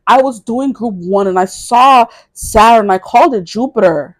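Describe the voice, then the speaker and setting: A woman's voice: mid-range voice, expressive, unhurried, few pauses, no echo. A woman in her twenties giving a casual tarot reading to camera, rambling, correcting herself and giggling. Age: 20s. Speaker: tarot reader.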